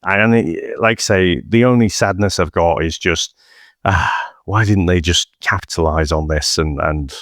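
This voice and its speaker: A man's voice: low-pitched, unhurried, a bit bright, no room sound, clean studio sound. A man co-hosting a film podcast, rambling through his thoughts with lots of hesitant fillers. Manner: rambling, many "you know" fillers and restarts. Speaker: podcast co-host. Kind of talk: casual film-podcast chat.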